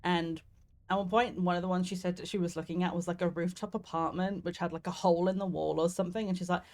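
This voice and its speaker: Young southeast english woman streaming a game, chatty, rambly, swears, fairly low voice. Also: fairly even intonation, quick pace, darkish tone. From southeast England. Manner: chatty, rambling, laughs often, swears casually. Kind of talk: casual gameplay commentary.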